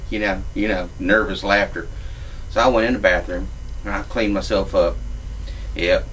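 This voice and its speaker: A man's voice: deep voice, steady tone, normal speed, fairly bright tone, distant mic, slight background noise, poor audio. A man, telling a crude comic story in a profane, drawling redneck manner. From Louisiana.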